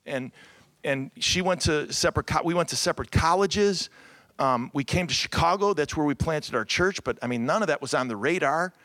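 A middle-aged man from Cleveland, Ohio, a pastor giving a conference talk to ministry couples, lively and joking, calling out to his audience and often repeating words as he speaks. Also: a little high, normal speed, dry recording. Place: conference room with round tables.

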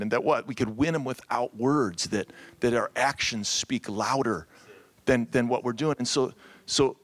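A middle-aged pastor from Cleveland, Ohio, speaks at a conference for ministry couples in a conference room with round tables. He's lively and joking, calls out to the audience, and often repeats words, with a medium-pitched voice on a dry recording.

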